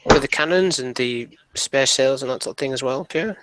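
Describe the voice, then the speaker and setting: Bright-voiced man playing a tabletop game. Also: medium pitch, normal speed, slight background noise. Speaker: player.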